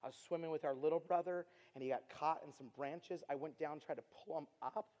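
A middle-aged man giving an earnest storytelling sermon as a youth speaker, repeating himself and dropping from loud to hushed. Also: a little high, steady tone, brisk. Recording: long reverb of a large hall.

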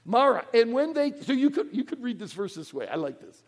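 Animated, gravelly preacher. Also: male voice, sits high, fast talker, hardly any pauses, long reverb tail. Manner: animated, folksy, pulls the crowd into call-and-response. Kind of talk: sermon. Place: church auditorium.

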